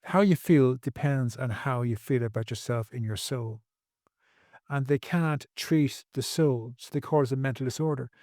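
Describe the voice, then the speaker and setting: A man's voice: medium pitch, moderate pace, a little mellow, no room sound, studio quality. A man speaking as a podcast guest, earnest and preachy, repeating phrases for emphasis. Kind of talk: podcast interview.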